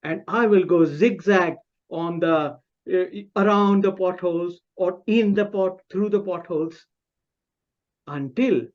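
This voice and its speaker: A man giving a humorous, self-mocking personal story speech at a club meeting over a video call, pausing and restarting often. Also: high-pitched, lo-fi sound. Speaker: club speaker.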